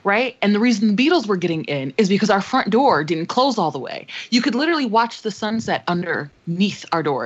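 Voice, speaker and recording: A woman's voice: mid-range voice, lively intonation, moderate pace. A young adult woman co-hosting a podcast, telling a dramatic, profane story in casual chat. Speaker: podcast co-host. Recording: slightly dull lo-fi sound.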